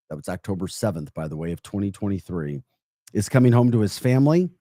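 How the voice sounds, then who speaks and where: A man co-hosting a political talk podcast, upbeat and animated, laughing often as he talks. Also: mid-range voice, dry recording, clean studio sound. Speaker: podcast co-host.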